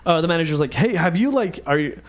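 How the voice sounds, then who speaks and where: A man on a casual podcast tells a story at a rapid clip. His pitch swings widely as he acts out the other people in it. He swears freely and keeps the chat loose. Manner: animated, acts out quotes, swears a lot. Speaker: podcast co-host.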